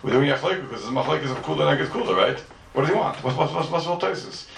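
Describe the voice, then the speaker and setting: A man's voice: a little high, expressive, fast, vocal fry, fairly bright tone. A man teaching a Talmud class to students, firing rhetorical questions and repeating his phrases for emphasis. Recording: echoey room, mic far off, faint noise.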